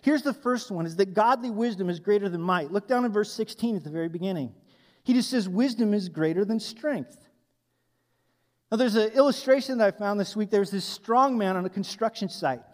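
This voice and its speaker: Man, pastor, sermon, high voice, animated, emphatic, reverberant hall. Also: quick pace. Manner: animated, emphatic, asks the congregation to fill in blanks.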